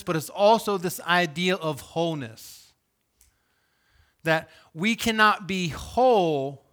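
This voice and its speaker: A male pastor delivering a sermon in an animated, conversational preaching manner. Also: a little high.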